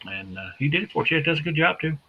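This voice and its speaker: A folksy man co-hosting a podcast, easygoing and full of ums and uhs. His voice is gravelly and husky, with a lively rise and fall. The sound is dull and lo-fi. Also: on the high side, racing. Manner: folksy, easygoing, lots of fillers. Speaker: podcast co-host. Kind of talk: casual chat.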